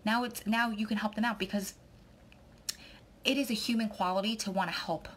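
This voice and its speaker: A woman babbles to her viewers in a loose, rambling vlog chat, gushing with emotion and often close to tears. Her voice sits at an ordinary middle pitch. A faint noise hums under the recording. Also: steady tone, brisk, a bit bright. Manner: babbling, tearful, effusive. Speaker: vlogger.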